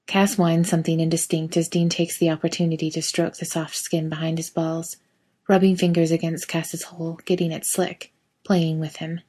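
A woman narrates a story in a steady, intimate reading voice. Her tone is husky and mellow, lower in pitch. She keeps the melody flat and even throughout. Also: moderate pace. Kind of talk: reading fan fiction aloud.

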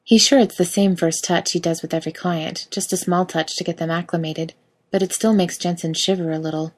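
A woman's voice: fairly low pitch, fairly even intonation, a little fast. A woman narrating a story aloud in a wry, casual reading style. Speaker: reader.

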